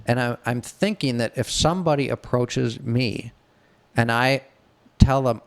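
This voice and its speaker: Telling a story as a podcast co-host, this middle-aged Detroit-area man speaks casually, frankly and with profanity, performing the voices of those he quotes. He has a medium pitch and a measured pace.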